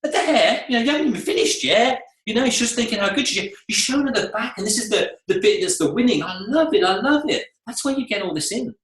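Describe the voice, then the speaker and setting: Animated man coaching a room. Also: very high voice, quick pace, few pauses. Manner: animated, acts out client and staff voices. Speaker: salon coach. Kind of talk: lively seminar teaching. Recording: echoey room.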